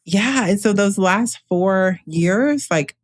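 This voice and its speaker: A woman's voice: mid-range voice, animated, slow pace, no echo. A woman in her thirties, an astrologer guest, talking candidly in casual conversation and laughing often between thoughts.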